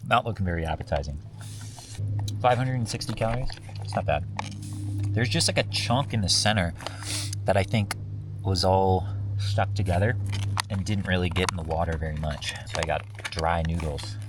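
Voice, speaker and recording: Male hiking vlogger, tired, joking at his own expense, lowish voice, noisy outdoor sound. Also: normal speed, pauses often. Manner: chatty, self-deprecating. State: tired after long hike. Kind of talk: casual hiking vlog. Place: outdoors on a desert hiking trail.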